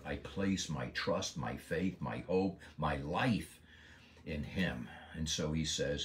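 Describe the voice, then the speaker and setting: A man's voice: a bass voice, a little hiss or hum. A man giving an earnest devotional Bible lesson, stressing key words with emphasis. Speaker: Bible teacher.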